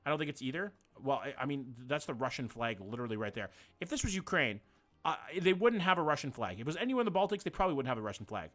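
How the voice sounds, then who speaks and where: A man's voice: medium pitch, very animated, racing, fairly bright tone. A man streaming a game live, thinking aloud, swearing casually and greeting viewers by name. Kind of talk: casual live-stream chat while playing.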